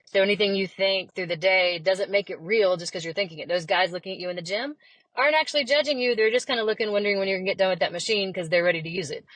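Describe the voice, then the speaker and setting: Woman guest, lively storyteller, mid pitch, dry close mic. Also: fast, dry recording, poor audio. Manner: chatty, animated storyteller who acts out quotes. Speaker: podcast guest. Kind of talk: casual conversation.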